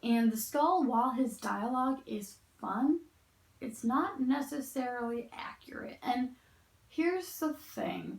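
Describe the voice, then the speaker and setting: Woman, tired, vocal fry, rambling and opinionated, lots of fillers, echoey room. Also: a little high, lively intonation, measured pace. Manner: rambling and opinionated, heavy use of "like" and "um". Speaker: book reviewer. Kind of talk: casual spoken book review. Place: indoor room, sitting in a chair.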